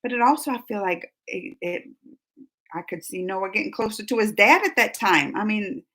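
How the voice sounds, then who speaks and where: A woman hosting a live-stream chat, reading viewer comments aloud and answering them in a lively, talkative way with frequent laughter. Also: mid-range voice, moderate pace. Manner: animated and chatty, laughs often, gasps. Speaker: reaction channel host.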